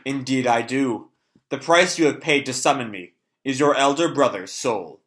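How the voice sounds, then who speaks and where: A man's voice: medium pitch, normal speed, a bit bright, close to an everyday voice. A man voicing a suave, formal, mocking male demon butler while reading a comic aloud. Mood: menacing.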